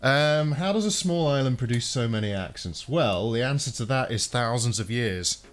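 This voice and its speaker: A man's voice: medium pitch, lively intonation, moderate pace, soft background music. Chatty British man muttering while working. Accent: regional British. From United Kingdom. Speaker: streamer doing console repairs. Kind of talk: casual live-stream chat.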